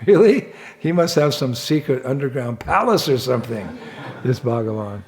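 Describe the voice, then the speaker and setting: A man voicing an eager, simple-minded male thief in a spoken story, talking bluntly and excitably. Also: mid-range voice, normal speed, lightly acted. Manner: excitable, blunt, shouts when frustrated.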